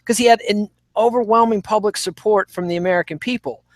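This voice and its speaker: Male podcast co-host, emphatic rant, high voice, dry close sound. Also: a little fast, no room sound. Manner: emphatic, ranting. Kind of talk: opinionated podcast chat.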